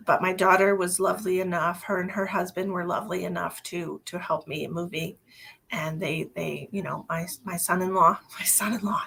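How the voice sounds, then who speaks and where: Woman, middle-aged, husky, lowish voice, rambling casual live-stream chat, affectionate. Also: a bit bright. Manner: chatty, rambling, affectionate toward viewers, many fillers. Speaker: psychic medium hosting live readings.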